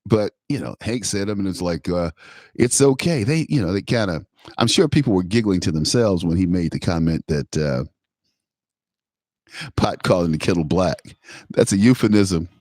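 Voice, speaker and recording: A man's voice: low-pitched, expressive, normal speed, darkish tone, no echo, clean studio sound. A man hosting a talk show, giving a political commentary monologue, emphatic and repetitive, often laughing at his own remarks.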